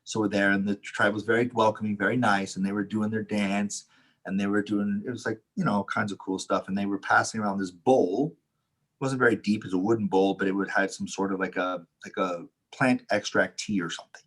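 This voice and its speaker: A man with a slightly low, husky voice spins a loose, profane story in casual conversation. He acts out the voices of the people in it and laughs his way through the telling. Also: a little fast. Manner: animated anecdote, acts out quotes, laughs often, swears. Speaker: Taoist teacher, podcast co-host.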